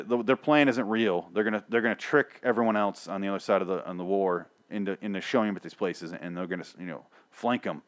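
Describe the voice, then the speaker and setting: A man rambling through a sarcastic, profane recap of a TV episode, acting out the characters' lines along the way. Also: lowish voice. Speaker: podcast host recapping a TV show. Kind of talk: casual profane recap monologue.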